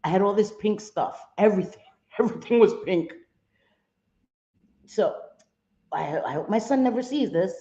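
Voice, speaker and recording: A woman's voice: mid-range voice, expressive, normal speed, pauses often, mellow, reverberant, highs cut off. A middle-aged woman hosting a casual live stream, chatting expressively and greeting viewers by name. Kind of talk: casual live chat reading viewer comments.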